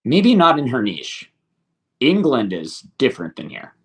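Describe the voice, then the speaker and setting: Casting: man, mid-pitched, swearing casual streamer host. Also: huge pitch swings, measured pace. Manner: crude, profane, joking. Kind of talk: casual chat.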